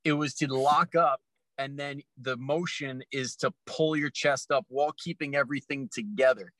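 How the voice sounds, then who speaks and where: A podcast host chats in an easygoing way, his voice bright and sharp-edged. The sound is dry and close, and he dots his talk with "like". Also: medium pitch, moderate pace, no echo. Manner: easygoing, relaxed phrasing with "like" fillers. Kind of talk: casual podcast chat.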